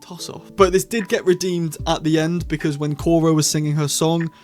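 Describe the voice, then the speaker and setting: A man's voice: a little high, steady tone, fairly quick, a little mellow. Rambling man reviewing, faint music. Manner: rambling, self-correcting, apologetic asides. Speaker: YouTube reviewer. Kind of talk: casual solo review.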